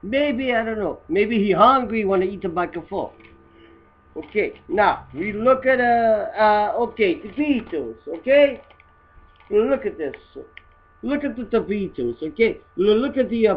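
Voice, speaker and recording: A man doing a crude loudmouth. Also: sits high, muffled recording. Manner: crude, rambling, broken English. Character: crude, rambling immigrant guy mocking photos. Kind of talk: comedy satire monologue.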